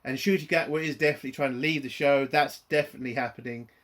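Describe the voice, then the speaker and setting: A man's voice: mid-range voice, fairly even intonation, rapid-fire, a bit bright. A man ranting in a profane, exasperated and rambling way while reviewing a TV episode.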